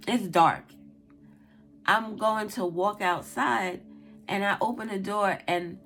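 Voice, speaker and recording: A woman doing a tarot reading, who first tells a casual story with lots of swearing and laughter. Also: medium pitch. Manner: animated, profane, laughs while telling a story. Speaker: tarot reader.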